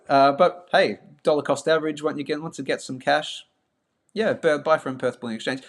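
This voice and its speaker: A man's voice: mid-range voice, steady tone, moderate pace. A middle-aged man with a mild Melbourne Australian accent, hosting a live stream in a chatty, self-mocking way and talking straight to his viewers. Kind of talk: casual live-stream chat.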